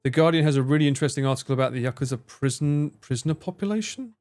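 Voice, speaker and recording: A man's voice: fairly high pitch, animated, very fast, darkish tone, soft background music. A man chatting casually on a live stream, rambling and swearing now and then as he reads out and answers viewers' messages. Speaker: livestreamer reading and answering chat.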